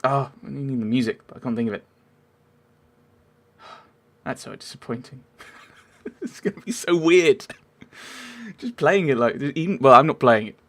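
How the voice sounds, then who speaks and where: A man's voice: mid-range voice, big pitch swings, unhurried, pauses often, fairly bright tone. A man giving rambling, casual commentary over a video game, with wry asides and frequent self-interruptions. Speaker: let's play gamer.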